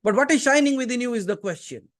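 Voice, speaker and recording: An Indian-accented man leads a satsang from his seat before a gathering, his voice sitting unusually high for a man. He preaches in an earnest, emphatic way, firing rhetorical questions at his listeners and now and then slipping into Hindi. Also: lively intonation, fast talker. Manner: switches into Hindi mid-talk. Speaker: spiritual teacher. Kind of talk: satsang sermon.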